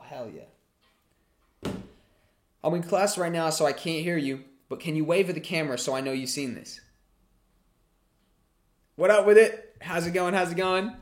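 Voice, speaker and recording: A man hosting a casual livestream Q&A. He reads chat questions aloud and answers them in a chatty way, swearing freely. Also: fairly high pitch.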